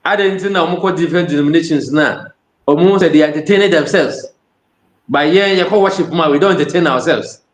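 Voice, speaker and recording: A man's voice: on the high side, brisk, echoey room. A man with a Ghanaian accent preaching a sermon, switching between Twi and English phrases.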